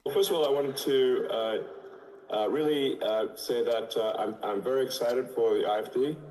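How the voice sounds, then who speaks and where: A man speaking haltingly over a video link, with many fillers and restarts. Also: mid-range voice, dark tone. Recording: echoey clip with background noise.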